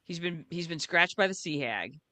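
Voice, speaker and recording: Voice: medium pitch, expressive, normal speed, bright, forceful tone, no room sound. A co-host talking casually and with enthusiasm over a video call, often repeating words. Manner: enthusiastic, repeats words, laughs at own retelling. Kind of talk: casual chat.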